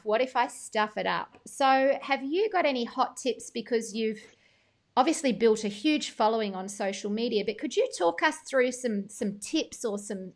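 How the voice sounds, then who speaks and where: Woman host, upbeat and affirming, slightly high voice, casual live interview. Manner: enthusiastic, affirming, reads out viewer comments.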